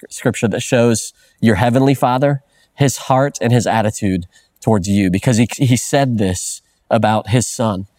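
A man's voice: mid-range voice, a little mellow, no echo, clean studio sound. A middle-aged man preaching a sermon in an earnest, conversational way, often restarting phrases and adding "man" as a filler. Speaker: pastor.

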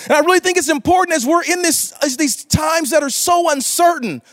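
A man's voice: very high-pitched, a little fast, fairly bright tone, dry recording. A man preaching a livestreamed sermon to online viewers, casual and slangy, asking them to respond. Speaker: pastor.

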